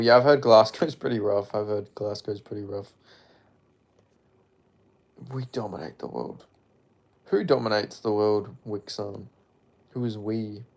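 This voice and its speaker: A man's voice: on the low side, vocal fry. Australian man, casual live-stream chat, rambling, jokey, swears, mumbled asides. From Perth, Western Australia.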